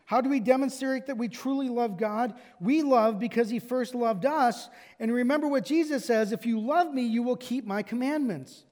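High-pitched guy preaching, emphatic, lots of rhetorical questions, big echoey church. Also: normal speed, hardly any pauses, darkish tone. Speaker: pastor. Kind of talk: sermon. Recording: long reverb of a large hall.

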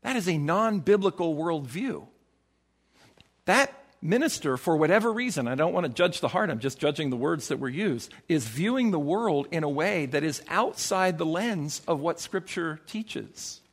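A man preaching a sermon as pastor, emphatic, acting out quoted voices with sudden swings in pitch. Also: animated, moderate pace.

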